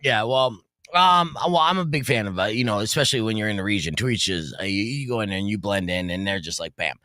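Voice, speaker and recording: A man hosts a studio talk show, joking and prodding his guests in casual chat. His voice is bright and lively, rising and falling a lot. The sound is dry and close. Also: fairly low pitch, fast, no echo. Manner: playful, joking interviewer. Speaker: host. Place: radio studio.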